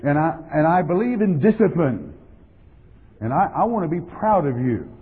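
A man's voice: on the high side, big pitch swings, moderate pace, husky. A man preaching a sermon as pastor, emphatic and repeating words for stress, on a tinny, lo-fi recording. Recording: tinny lo-fi sound in a reverberant hall.

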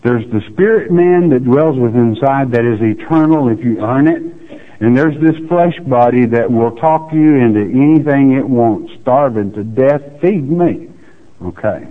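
A man's voice: mid-range voice, normal speed. A man preaching a verse-by-verse Bible lesson with folksy, teasing asides. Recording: tinny phone-like audio.

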